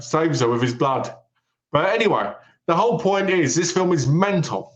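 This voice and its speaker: An animated man retelling a film's plot in casual chat and acting out its lines as he goes. His voice sits a little high for a man and carries a roomy echo. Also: a little slow. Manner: animated storyteller, retells plots with quoted lines. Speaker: podcast co-host. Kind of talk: casual film-review chat.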